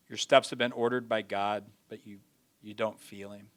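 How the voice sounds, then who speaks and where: A man preaching a sermon, folksy in his phrasing, swinging from loud pleading to hushed, near-whispered lines. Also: fairly low pitch, flat delivery, moderate pace.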